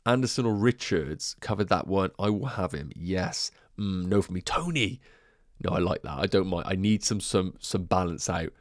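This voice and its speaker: Low-voiced chatty man livestreaming. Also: lively intonation, dry recording, studio quality. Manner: chatty, banters with chat, quick asides. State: out of breath. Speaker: fantasy football livestream host. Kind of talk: casual livestream chat reading viewer questions.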